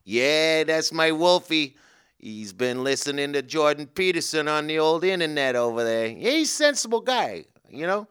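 A man doing a gruff, drawling little dog. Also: a little high, expressive, normal speed, a bit bright. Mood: blunt. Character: gruff half-Pomeranian male dog, blunt talker.

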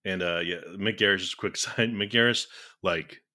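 A man co-hosting a podcast, talking casually and quickly about a film, laughing and saying "like" often. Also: deep voice, sharp tone. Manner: quick, giggly, full of "like". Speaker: podcast co-host.

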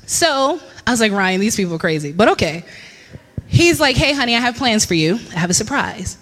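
A woman in her thirties telling a lively personal story to a church congregation, laughing often and acting out what people said. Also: on the high side, a little fast, in a large hall. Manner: animated storyteller, laughs often, acts out quotes. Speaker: church speaker. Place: church hall.

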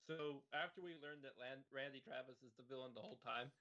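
A man's voice: mid-range voice, fast, sharp tone. A young man in casual comedic talk about a movie, rambling wryly with lots of fillers. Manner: rambling, filler-heavy, wry. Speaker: podcast co-host. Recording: slightly dull audio.

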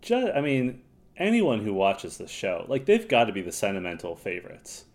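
Animated man in casual podcast chat. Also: fairly low pitch, normal speed. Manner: animated, laughs often, blunt. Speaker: podcast co-host. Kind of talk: casual chat recapping a reality show.

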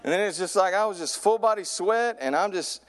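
Animated storytelling preacher man. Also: fairly quick. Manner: animated storyteller, voice climbs high in excitement. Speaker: youth pastor preaching. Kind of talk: sermon with comic storytelling. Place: church sanctuary pulpit.

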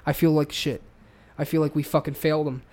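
A man's voice: a little high, little pitch movement, brisk, darkish tone. A man in casual chat, ranting heatedly with lots of swearing and stumbling restarts. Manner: heated, profane, repetitive restarts.

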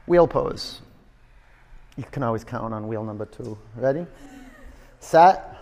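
A man's voice: medium pitch, animated, slow, darkish tone. A man teaching a yoga class in a studio, counting down holds and coaxing students in a playful, encouraging way. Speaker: yoga instructor.

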